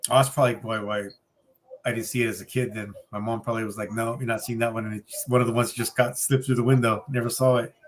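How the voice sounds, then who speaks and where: A man's voice: medium pitch, little pitch movement, fast, a little hiss or hum. A man on a live shop-talk panel, easygoing, telling stories and laughing. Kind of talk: casual shop talk livestream.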